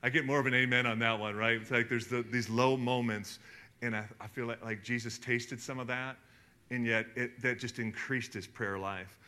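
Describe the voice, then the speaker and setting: A middle-aged man preaching a sermon as a pastor, conversational and animated, reading scripture aloud between asides. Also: medium pitch, moderate pace.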